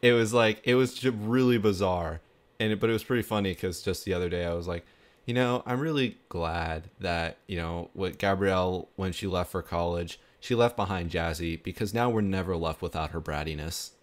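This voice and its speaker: Deep-voiced man rambling and laughing. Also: normal speed. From Arizona. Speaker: interviewer. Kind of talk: casual chat.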